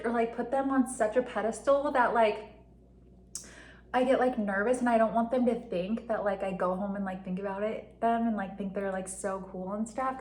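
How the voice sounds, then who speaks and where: A young woman vlogging in a casual confessional monologue, rambling with constant fillers and frequent giggles. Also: fairly high pitch. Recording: echoey room with faint ambient noise.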